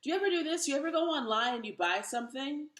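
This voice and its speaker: Woman, 30s, stand-up comic, dry self-mockery, lively pitch, roomy sound. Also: fast talker. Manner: wry, self-mocking delivery. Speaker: stand-up comedian. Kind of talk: stand-up comedy set.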